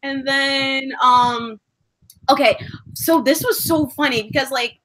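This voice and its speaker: A young woman chatting casually, telling excitable stories and acting out her own screaming. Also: sits high, slow. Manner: excitable storyteller, acts out fangirl screams. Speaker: vlogger. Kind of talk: casual chat.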